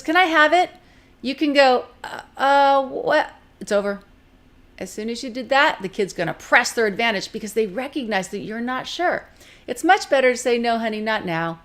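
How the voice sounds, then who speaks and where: A lively woman instructor talks through dog handling in a casual, plain-spoken way. She moves quickly between explaining and briefly acting out what an owner or a dog might say. Her tone stays practical and direct throughout. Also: medium pitch. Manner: lively, conversational, acts out quick voices of owners and dogs. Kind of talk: recorded teaching talk.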